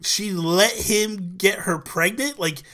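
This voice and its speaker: Animated man telling stories between laughs. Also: a little high, normal speed. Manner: animated storytelling, laughing often. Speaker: podcast co-host. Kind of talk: casual chat.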